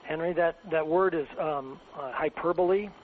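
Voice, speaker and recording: A man gently correcting the host in a soft, casual way. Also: fairly high pitch, fairly quick, phone-quality sound, crowd noise. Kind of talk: casual chat.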